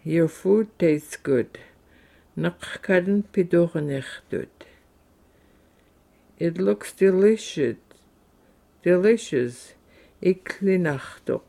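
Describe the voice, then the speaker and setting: A man slowly reading short everyday phrases in English, then saying each one in his native language for a language lesson. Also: high voice, lively intonation, creaky, mellow.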